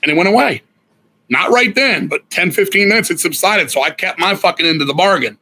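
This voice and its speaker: Bright-voiced, profane male storyteller. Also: sits high, lively intonation, brisk. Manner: profane, rambling, self-correcting storyteller. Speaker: guest musician. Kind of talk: candid storytelling interview.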